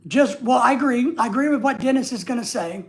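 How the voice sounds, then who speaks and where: A man's voice: very high voice, fairly quick. A man hosting a livestream, chatting casually and reading viewer comments aloud in a rambling, joking way. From United States. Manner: rambling and joking, with frequent restarts. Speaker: livestream host.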